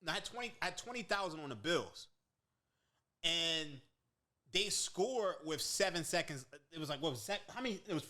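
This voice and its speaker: A man on a podcast as a guest, casually and excitedly recounting sports bets. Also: fairly high pitch, normal speed. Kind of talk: casual chat.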